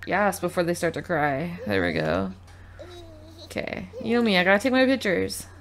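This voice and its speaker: With game music loud beneath her and a baby crying in the background, a woman gaming host comments casually on her life-simulation game, talking to and scolding the characters. Her lowish voice swoops wildly in pitch at a moderate pace, and the audio has a slight hiss or hum.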